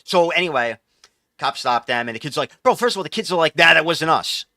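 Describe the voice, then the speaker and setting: A man streaming live, ranting in a rambling, profane way. His voice sits somewhat high and sounds bright and forceful. The sound is dry and close, with no room echo. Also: very animated, fast. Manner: profane, exasperated, rambling with restarts. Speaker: livestream host. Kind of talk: casual ranting storytelling.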